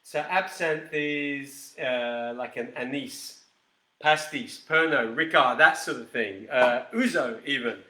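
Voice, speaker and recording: A man's voice: medium pitch, slow pace, bright, forceful tone, echoey room. A man hosting a live whisky show, chatting casually with viewers by name and rambling as he demonstrates a cocktail. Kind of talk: casual live-stream chat and cocktail demo.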